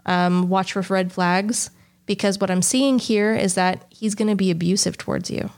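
A woman quoting a calm, earnest female psychic while retelling an anecdote in her own voice. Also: mid-range voice, normal speed, close to an everyday voice. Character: matter-of-fact female fortune-teller delivering bad news. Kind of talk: quoted in an anecdote.

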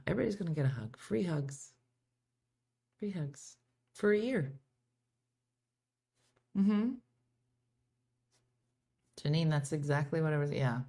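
A middle-aged woman hosting a casual live-streamed morning chat, swinging from quiet asides to loud exclaiming. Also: low-pitched. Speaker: morning show host.

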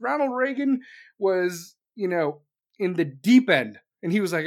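A commentator delivering an angry, sarcastic political rant full of swearing, speeding up in bursts and slowing down to hit a point. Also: mid-range voice, very animated. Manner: jumps between fast bursts and slow emphasis.

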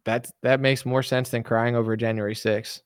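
A man's voice: mid-range voice, flat delivery, moderate pace, clear, resonant tone, no echo, studio quality. A young man hosting a casual livestream, reading viewer comments aloud and answering them with sarcastic mockery. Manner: sarcastic, mocking, jumps into impressions.

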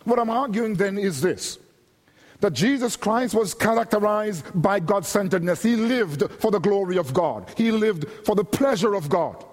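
A man preaching a sermon in a measured, emphatic way, repeating and building his phrases. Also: high voice, a little mellow, husky. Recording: long hall reverb.

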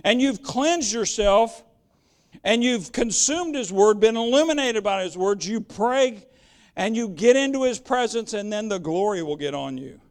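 A man's voice: high voice, lively intonation, a little slow. A man preaching a sermon in a plain-spoken, direct and emphatic way, often repeating words as he searches for the next one.

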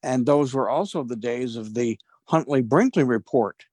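A man's voice: medium pitch, normal speed, darkish tone, husky, no echo. A man hosting a talk show, sharing his own memories with his guest. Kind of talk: conversational interview.

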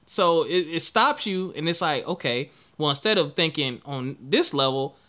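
Man, podcast host, bright forceful tone, upbeat and encouraging. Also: on the high side, animated, moderate pace. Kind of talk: casual interview conversation.

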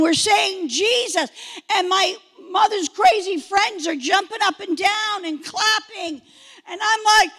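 A woman in her sixties giving an impassioned testimony sermon, swinging between shouted fervor and hushed intensity. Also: extremely high pitch, measured pace. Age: 60s.

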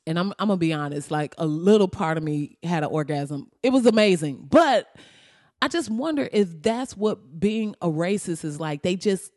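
A woman hosting a podcast, telling stories in casual, heavily profane commentary. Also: lowish voice. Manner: profane, animated storytelling. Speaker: podcast host.

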